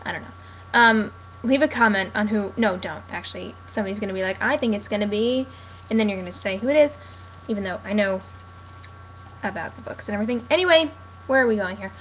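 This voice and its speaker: A woman's voice: mid-range voice, quick pace, fairly bright tone, slight background noise, poor audio. Chatty, sarcastic young woman vlogger. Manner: chatty, sarcastic, many fillers. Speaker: TV recap vlogger. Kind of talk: casual rambling commentary.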